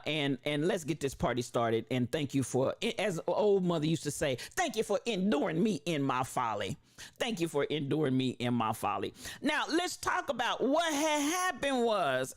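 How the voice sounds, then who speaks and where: A live streamer with a preacher's cadence, who talks exuberantly, repeats phrases and shouts out viewers by name. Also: medium pitch.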